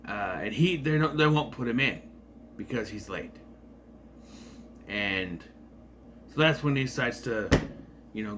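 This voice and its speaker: A man's voice: mid-range voice, a bit bright, a little hiss or hum. A man giving a casual, rambling movie review with sarcastic asides.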